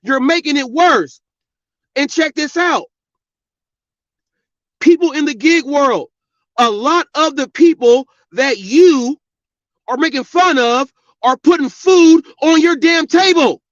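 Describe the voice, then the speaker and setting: A man with a strikingly high voice rants at length, swearing freely and lecturing his listeners. The sound is dry and dull, like a lo-fi home recording with no room around it. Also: takes it slowly, pauses often, a bit bright, no room sound. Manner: angry, profane, preachy. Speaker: podcast host. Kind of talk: ranting monologue.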